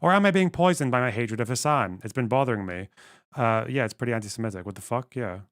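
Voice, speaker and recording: A man's voice: medium pitch, lively intonation, quick pace, fairly bright tone, dry recording. A man streams live, reading passages aloud and then breaking off into blunt, profane asides. His voice sits in an ordinary middle range. The sound is dry and close, with no room behind it. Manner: profane, sarcastic, reads text aloud and comments. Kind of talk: casual live-stream commentary.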